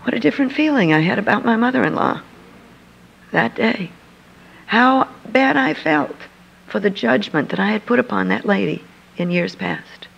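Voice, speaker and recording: An older woman tells a personal story and acts out the dialogue vividly. Her voice has a gravelly edge. The recording is a muffled, lo-fi archive. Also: mid-range voice, expressive, normal speed. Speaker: Christian speaker.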